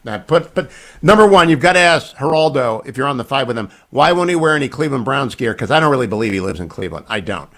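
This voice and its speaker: A man's voice: medium pitch, lively intonation, fast, a bit bright. A man in his sixties hosting talk radio, joking and bantering with a guest. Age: 60s. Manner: jokey and bantering. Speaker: radio host.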